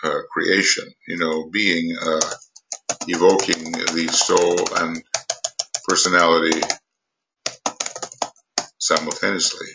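An older man giving an unscripted spiritual lecture, halting with many pauses, fillers and restarts. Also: deep voice, flat delivery, gravelly, muffled recording, background noise. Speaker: esoteric teacher.

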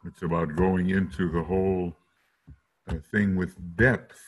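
A man giving a slow, deliberate lecture in a rough morning voice, now and then singing note syllables to illustrate. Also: sits low, fairly even intonation. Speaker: teacher.

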